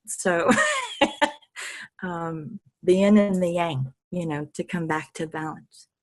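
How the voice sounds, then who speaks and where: Animated, swearing woman guest. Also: on the low side, takes it slowly. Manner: animated, laughs often, swears freely. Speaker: podcast guest, healer. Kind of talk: casual interview storytelling.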